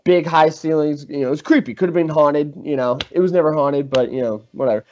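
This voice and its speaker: A man's voice: a little high, fast talker. Young man telling a story, lo-fi sound. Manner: animated, swearing, acts out quotes. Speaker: podcast host. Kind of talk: casual storytelling among friends. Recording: slightly dull lo-fi sound.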